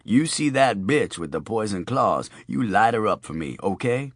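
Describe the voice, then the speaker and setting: Cast: a man playing a deep-voiced, unhurried streetwise tough guy, dry close recording. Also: very animated, no room sound. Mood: cool.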